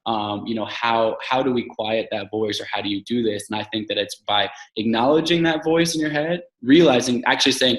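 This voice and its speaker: A man's voice: medium pitch, brisk, few pauses, reverberant, poor audio. A man speaking earnestly and reflectively as a podcast guest, with frequent fillers and restarts. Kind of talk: casual interview talk.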